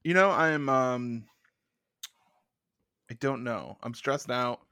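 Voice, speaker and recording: Man, podcast co-host, tired, deadpan, rambling stories. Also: medium pitch, slow pace, clean tone, no room sound, clean studio sound. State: tired, yawning. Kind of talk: casual podcast banter.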